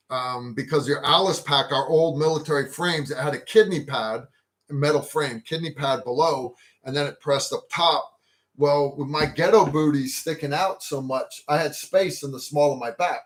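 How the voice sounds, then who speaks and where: A man's voice: fairly high pitch, fairly bright tone. A man hosting a casual livestream, rambling and joking about himself. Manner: joking, rambling, self-deprecating. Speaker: livestream host.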